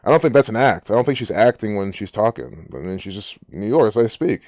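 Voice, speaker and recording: A man's voice: fairly low pitch, expressive, brisk, darkish tone, no room sound, clean studio sound. A man hosting a casual commentary, rambling and musing aloud with frequent restarts. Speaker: gematria channel host.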